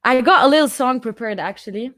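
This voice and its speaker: A woman's voice: a little high, animated, fast, a bit bright. A woman in her twenties, from Austria, performing impassioned spoken word poetry and then chatting emotionally at an online conference over a video call. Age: 20s. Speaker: poet and singer at an online conference.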